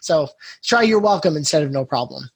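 Husky-voiced Canadian man chatting. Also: a little high, lively intonation, brisk, no room sound. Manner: chatty, self-deprecating, restarts often. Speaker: podcast co-host. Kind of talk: casual podcast chat.

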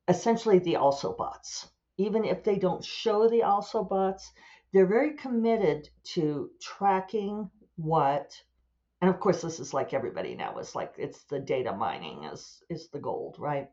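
A woman's voice: sits low, a little mellow, dull audio. A woman author chatting casually and rambling, amused at her own asides as she thinks aloud. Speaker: author and podcast host. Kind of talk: casual solo chat.

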